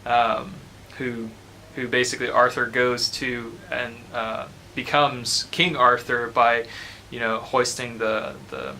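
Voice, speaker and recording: Thoughtful man with a bright voice. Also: medium pitch, slow pace, a little hiss or hum, rough recording. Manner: thoughtful, many fillers. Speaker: student. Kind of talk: casual commentary.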